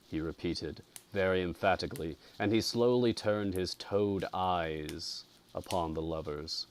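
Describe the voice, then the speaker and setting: A male storyteller reading a ghost story in a slow, deliberate, atmospheric way. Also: deep voice, a little hiss or hum. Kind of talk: scripted narration of a ghost story.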